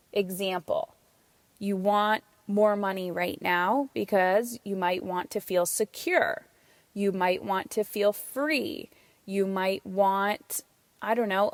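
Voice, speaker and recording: A woman's voice: medium pitch, no echo. Emphatic woman podcast host, dry sound. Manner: energetic, emphatic, swears casually. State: out of breath. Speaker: podcast host and parenting coach. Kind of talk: solo podcast monologue.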